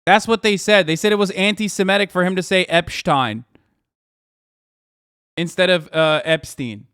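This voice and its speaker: A man's voice: high-pitched, a little fast, a bit bright, clean tone, no room sound, clean studio sound. Heated, profane man ranting on a stream. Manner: heated, profane ranting, reading items aloud. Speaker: streamer host reacting to news. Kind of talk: live-stream reaction commentary.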